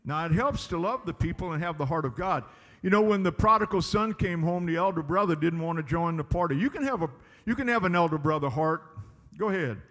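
A man's voice: on the high side, lively intonation, brisk, fairly bright tone, long reverb tail. A man preaching a sermon as pastor, emphatic and drawing out his words. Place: church sanctuary.

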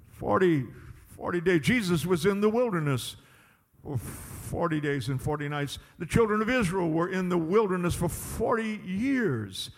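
A man's voice: high-pitched, expressive, unhurried. A man preaching a sermon in a church, emphatic and repetitive, pressing the congregation with call-and-response lines. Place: church sanctuary. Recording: long hall reverb in a church.

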